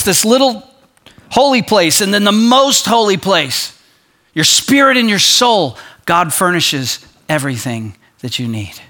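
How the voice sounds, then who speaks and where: A male pastor preaching a sermon, animated, acting out quoted voices and dropping to a soft low voice for emphasis.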